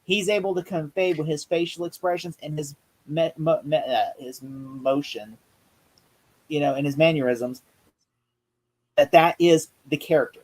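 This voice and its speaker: A man co-hosting a casual movie review chat, rambling excitedly and acting out quotes. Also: a little high, unhurried, husky, rough recording. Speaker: podcast co-host.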